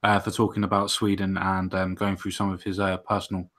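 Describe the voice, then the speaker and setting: A man's voice: low-pitched, monotone, brisk, fairly bright tone. A man co-hosting a livestream chat, hesitant with many ums. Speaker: livestream co-host. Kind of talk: casual chat.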